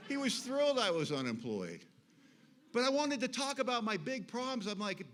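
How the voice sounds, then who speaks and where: High-voiced man telling a recovery story. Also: brisk. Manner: animated storytelling with acted quotes. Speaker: speaker sharing his recovery story. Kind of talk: recovery meeting talk.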